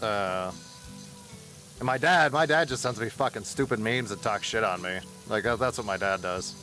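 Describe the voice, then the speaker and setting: A man's voice: fairly low pitch, normal speed, sharp tone, soft background music. A man streaming a game, telling rambling, profane stories in casual chat with his viewers. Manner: rambling, profane storytelling with bursts of laughter.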